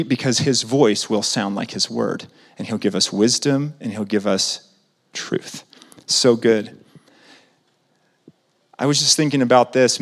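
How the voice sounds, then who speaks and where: Animated male preacher in a reverberant sanctuary. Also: medium pitch. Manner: conversational, asks the congregation questions; animated, swings between loud and soft. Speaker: pastor. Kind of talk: sermon.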